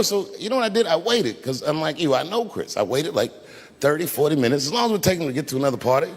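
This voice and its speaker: A man in his fifties performs stand-up, telling his stories with punchy timing. His voice sits a little high for a man and swings widely in pitch as he builds to punchlines. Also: quick pace, slight background noise. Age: 50s. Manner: animated, punchy storytelling. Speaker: stand-up comedian. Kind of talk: stand-up comedy routine.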